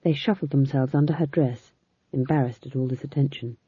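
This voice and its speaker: A woman narrating an audiobook in a lively, expressive reading. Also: extremely low pitch, a little fast, husky, dry recording. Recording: tinny phone-like sound.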